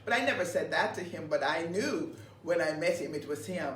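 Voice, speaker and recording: A woman pastor co-hosting a ministry broadcast, telling stories in a lively way, laughing often and repeating her words. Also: on the low side, brisk. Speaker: pastor and co-host. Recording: roomy, distant mic with faint background noise.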